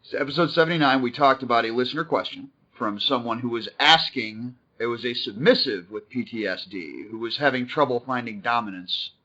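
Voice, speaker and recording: A man hosting a podcast, talking in a brash, profane, animated way and opening with a scripted intro. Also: medium pitch, brisk, few pauses. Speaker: podcast host. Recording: dull lo-fi call audio.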